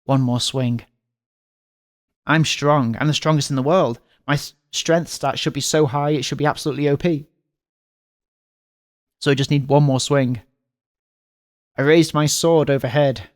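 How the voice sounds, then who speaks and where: A man's voice: on the high side, steady tone, moderate pace, pauses often, dry recording, clean studio sound. A man reading a visual novel aloud in dramatic voices and breaking off now and then for muttered jokes. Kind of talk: dramatic reading with joking asides.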